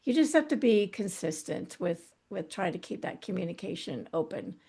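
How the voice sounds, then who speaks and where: Low-pitched, dark and breathy, this middle-aged woman sounds very animated as she appears as an interview guest and author. Earnest and reflective, she opens up about her past, though her speech halts and she frequently starts sentences over.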